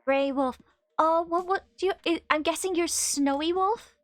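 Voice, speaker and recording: A woman's voice: very high-pitched, normal speed, no echo, soft background music. A woman in her twenties chatting casually on a live stream while she plays, reading chat aloud and laughing often. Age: 20s.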